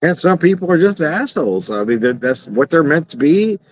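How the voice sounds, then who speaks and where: A middle-aged man talks in a casual, rambling vlog, blunt and salty, with frequent chuckles. His voice sits a little high for a man. The sound is dry and close, a bit dull and lo-fi. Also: sing-song, brisk, no echo. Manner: blunt and profane, chuckles often. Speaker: beer and whiskey reviewer. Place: outdoors in the evening.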